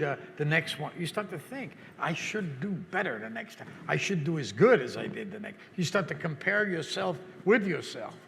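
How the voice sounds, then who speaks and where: Older male guest, gravelly and bright, fairly high, halting and reflective, reverberant hall. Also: a little hiss or hum. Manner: halting, repeats words while searching for thoughts. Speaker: interview guest. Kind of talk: reflective conversation.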